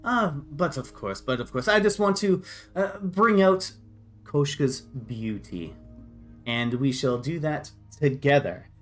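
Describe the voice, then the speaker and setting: A man playing a courtly, condescending half-elf gentleman. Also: a little high, lively intonation, slow, soft background music. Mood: smooth. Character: suave, fussy half-elf man in late fifties.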